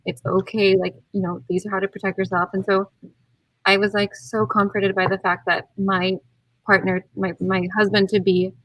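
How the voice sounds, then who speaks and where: A young woman, a bride-to-be, chatting casually on a video call and acting out her own quotes with lively swings. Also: medium pitch, normal speed, rough recording. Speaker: guest, bride-to-be. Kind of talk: casual chat.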